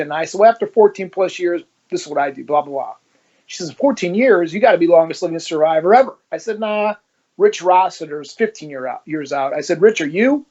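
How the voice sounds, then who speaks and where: A man's voice: on the high side, lo-fi sound. A man who is a former police officer, telling his story in an interview and acting out the dialogue as he goes. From Ohio, United States. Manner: animated storyteller who acts out quoted dialogue.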